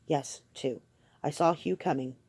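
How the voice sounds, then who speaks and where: A woman's voice: low voice, a little slow, darkish tone. A woman reading a guarded young male assassin. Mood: tense. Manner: terse, defensive, urgent pleading.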